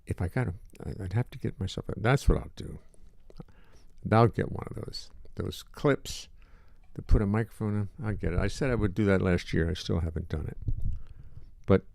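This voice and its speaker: A man's voice: low-pitched, normal speed, creaky, a little mellow. An older man hosting a casual livestream from his home studio, chatting in a wry, self-mocking way through a desk mic. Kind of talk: casual rambling livestream chat.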